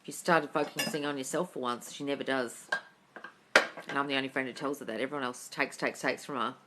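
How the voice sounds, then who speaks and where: A young woman hosting a casual live Q&A from her phone, animated and blunt and swearing freely as she reads out viewer comments. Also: very deep voice, brisk, noisy background. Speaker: manifesting coach hosting a live Q&A. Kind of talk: casual livestream chat reading viewer comments. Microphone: phone mic on a social media live stream.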